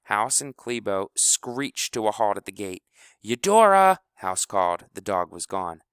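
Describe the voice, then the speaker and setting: A man narrating a storybook aloud in a measured, expressive reading. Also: lowish voice, clean tone, no echo, clean studio sound. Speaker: audiobook narrator.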